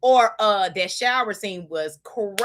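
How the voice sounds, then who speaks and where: A woman hosting a casual podcast, telling a story in a gushing, profane way with loud squeals. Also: medium pitch, measured pace. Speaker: podcast host. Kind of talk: casual chat. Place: home desk.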